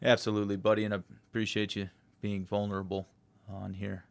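A man hosting a podcast, asking questions in a calm, polite, deadpan way. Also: lowish voice, a little fast, gravelly, smooth. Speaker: podcast host.

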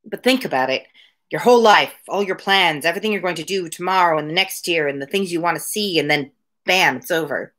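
A woman reading the lines of a calm young woman dancer in a soft, hushed voice, with no put-on accent. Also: fairly low pitch, fairly quick, natural voice. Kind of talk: read-aloud dialogue.

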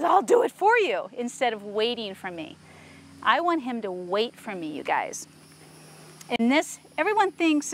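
Lively woman horse trainer, crickets behind. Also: on the high side, slight background noise. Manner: talks to the viewers and coos praise to the horse. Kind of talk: instructional training video.

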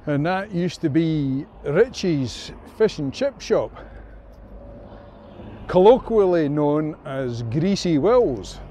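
A Scottish man in his fifties strolls a small-town high street, giving a chatty, playful tour with made-up words. He talks slowly in a fairly high voice. The recording is dull and muffled, with faint street traffic behind him. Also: dark tone. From Scotland. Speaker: travel vlogger. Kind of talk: casual walking-tour commentary.

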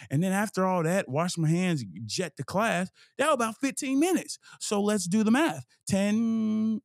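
A young man talks through a long personal story on his own show, swearing freely and acting out the scenes and his inner voice. His voice sits a little high for a man and stays lively and loose. The sound is dry, with almost no room echo. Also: gravelly. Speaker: host. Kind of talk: casual storytelling monologue.

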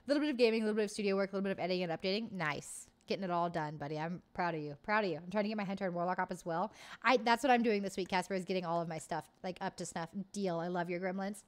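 A woman's voice: fairly low pitch, racing. A woman hosting a livestream, chatting casually and reading live comments, bubbly, swearing freely and laughing often. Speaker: livestream host.

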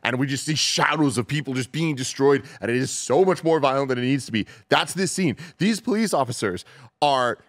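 A man co-hosting a podcast, talking about a film in an animated, incredulous way with plenty of swearing. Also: medium pitch, brisk, no room sound, clean studio sound. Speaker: podcast co-host. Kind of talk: casual chat, film review.

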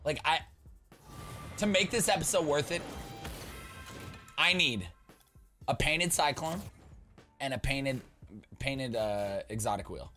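A young man giving casual, rambling gaming commentary as a YouTuber, joking with viewers and breaking into loud playful outbursts. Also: mid-range voice, slow, long pauses, soft background music.

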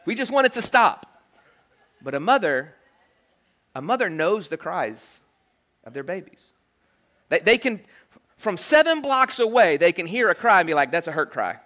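A male pastor preaching a sermon in a church, animated and joking, with frequent asides like "okay?" and "right?". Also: sits high, normal speed, long pauses. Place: church sanctuary.

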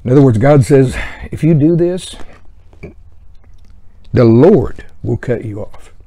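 A man's voice: mid-range voice, lively intonation, takes it slowly, warm tone. A man teaching verse by verse through a Bible book in a conversational way, with chuckling asides.

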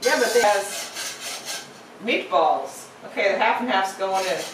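A woman's voice: medium pitch, lively intonation, slow, reverberant, far from the mic, background noise. A woman hosting a casual cooking demonstration, chatty and playful as she talks through each step. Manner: chatty and playful, narrates steps aloud. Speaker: cooking show host.

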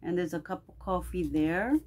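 A woman's voice: on the low side, normal speed, a little mellow, a little hiss or hum. A middle-aged woman vlogger opening packages and gushing her thanks in casual unboxing chat.

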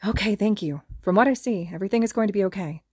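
Podfic: woman plays earnest young male medic, calm, kind, mid pitch, dry. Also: husky, no echo, lightly acted. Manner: calm, kind, brisk with patients. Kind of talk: podfic character reading.

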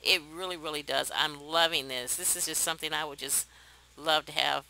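A young woman hosting a let's play, chatting to viewers in a chatty, excitable way and laughing often. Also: deep voice, fairly quick, vocal fry, slight background noise, low-quality recording. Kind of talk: casual gameplay commentary.

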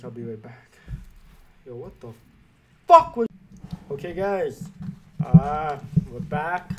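A man commentating a game pack opening, frustrated and swearing, erupting into shouts now and then. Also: medium pitch. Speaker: gaming YouTuber.

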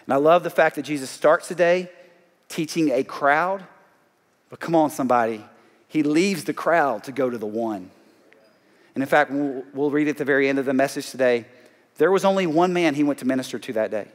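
Emphatic Southern preacher in a big hall. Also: male voice, fairly high pitch, fairly quick. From Alabama. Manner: emphatic preaching with call-outs to the congregation. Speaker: pastor. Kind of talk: sermon. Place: large church auditorium. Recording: long hall reverb.

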